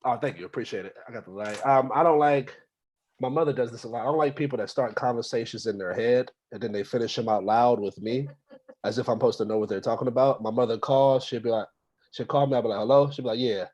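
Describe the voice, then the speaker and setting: A man's voice: medium pitch, quick pace, darkish tone. Young male comic, casual open-mic stand-up, mid voice. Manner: loose, conversational delivery with many fillers.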